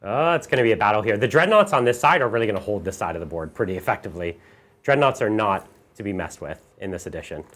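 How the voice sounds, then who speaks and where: A man's voice: fairly low pitch, fast. A man explaining game rules and the tabletop to viewers in a casual live stream. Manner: animated, walks viewers through rules. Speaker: player and commentator.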